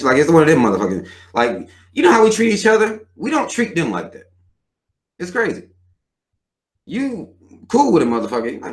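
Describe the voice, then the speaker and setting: A man's voice: medium pitch, very animated, normal speed. A man in his thirties hosting a live show, ranting bluntly and with plenty of profanity. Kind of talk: livestream rant.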